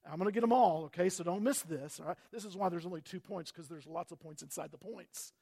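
A pastor with a notably high voice delivers a sermon with dynamic swings. He rises to loud, emphatic peaks and sinks to quiet, intimate phrases. He talks straight to his listeners and repeats key words for weight. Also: quick pace, creaky.

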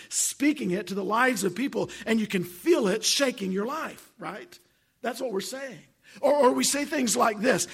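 Pastor guy preaching, high voice, kinda raspy, lots of stammery restarts. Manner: asks the congregation questions. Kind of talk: sermon. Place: church sanctuary.

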